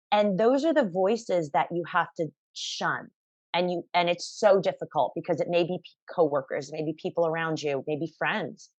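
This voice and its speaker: A woman with a lowish voice talks as an interview guest, energetic and emphatic, swinging between loud bursts and quiet asides. The sound is dry and a little dull, as from a remote call mic. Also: normal speed, no echo. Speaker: guest, fitness instructor. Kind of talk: conversational interview.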